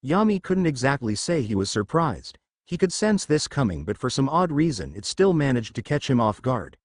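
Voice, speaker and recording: Give me an expressive male fan fiction narrator. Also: mid-range voice, normal speed, dry recording, clean studio sound.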